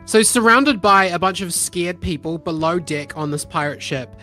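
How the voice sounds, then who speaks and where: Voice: medium pitch, normal speed, bright, forceful tone, soft background music. A game master narrating a tabletop game in a casual way, with filler words.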